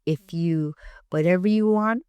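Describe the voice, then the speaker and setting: An older woman from Alaska, an elder telling family stories in an interview, slow and gentle, acting out the dialogue. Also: on the low side, muffled recording, slight background noise. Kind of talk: storytelling in an interview.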